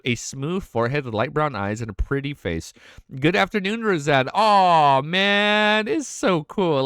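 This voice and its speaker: A man's voice: on the high side, fairly bright tone, no room sound, studio quality. A young man streaming, reading a web novel aloud and breaking off to gush, swear and say "dude". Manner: gushing, swears often, says "dude" a lot. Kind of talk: reading aloud with excited reactions.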